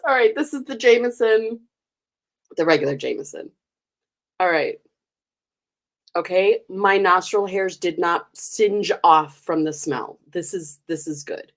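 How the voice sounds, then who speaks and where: A woman's voice: on the low side, lively intonation, a little slow, long pauses. An American woman hosting a live stream, chatting casually with viewers, giggling and teasing them. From United States. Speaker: livestream host.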